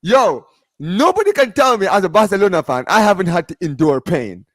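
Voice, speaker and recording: A man's voice: high voice, very animated, brisk, fairly bright tone, no echo, studio quality. A man arguing about football on a casual live stream, emphatic and insistent, often repeating himself. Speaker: football fan panelist.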